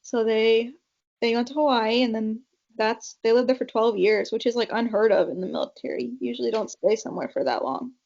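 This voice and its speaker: Speaking a little fast, this young woman from California has a high-leaning, gravelly voice with a darkish color. As a podcast guest she tells family stories chattily, quoting her parents and piling on fillers, over dull lo-fi audio.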